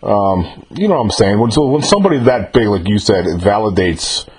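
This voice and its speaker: A man in his fifties hosts a relaxed interview, backing up his guest with warm agreement. His voice sits a little low, and he circles back over his words while he finds them. It sounds like a radio broadcast. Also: brisk, a little hiss or hum. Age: 50s. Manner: affirming, repeats himself while searching for words. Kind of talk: casual interview.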